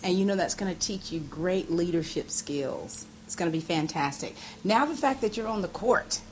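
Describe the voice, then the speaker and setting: A woman's voice: fairly low pitch, lively intonation, moderate pace, a little hiss or hum. Effusive woman hosting a local TV interview. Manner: effusive, laughs often, teasing. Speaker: TV host interviewing students.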